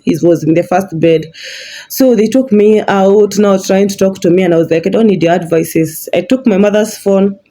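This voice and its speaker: A woman, telling a personal story as a vlogger in a halting way, often restarting her words. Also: medium pitch, warm tone.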